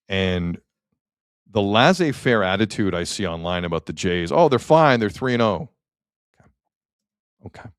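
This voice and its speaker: A man's voice: fairly low pitch, no echo, studio quality. A man hosting a sports talk show, ranting emphatically with rhetorical questions in casual talk.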